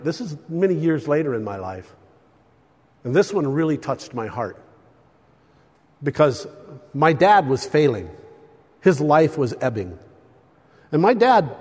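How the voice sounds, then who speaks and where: An older man preaching a sermon, his fairly high voice rising and falling with animated storytelling. He swings from loud bursts to hushed asides, and a long reverb trails through the church hall.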